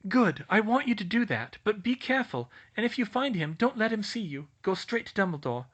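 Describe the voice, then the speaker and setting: A man voicing a clever, brisk schoolgirl witch who speaks decisively. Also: high voice, sing-song, fairly bright tone, highs cut off, voice pushed up, heavily acted.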